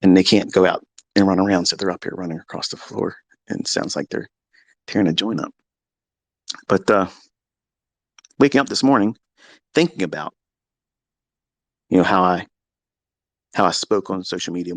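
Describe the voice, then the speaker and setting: A man's voice: deep voice, moderate pace, long pauses, no room sound. Profane, combative man ranting. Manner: profane, combative and unfiltered, swinging into loud tirades. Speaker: trading mentor hosting a live audio chat. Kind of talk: unscripted live audio rant. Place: home basement.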